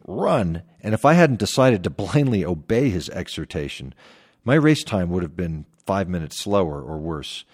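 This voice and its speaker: Man in his fifties, podcast host, low voice, animated intonation, reflective storytelling. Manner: reflective storytelling with lively pitch swings. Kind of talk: scripted podcast monologue.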